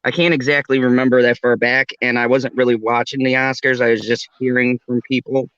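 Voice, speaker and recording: A man's voice: mid-range voice, little pitch movement, brisk, fairly bright tone, clean tone, lo-fi sound. A man hosting a casual late-night chat, rambling and laughing often. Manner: laughs often, rambling, does a mock Australian accent. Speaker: podcast host.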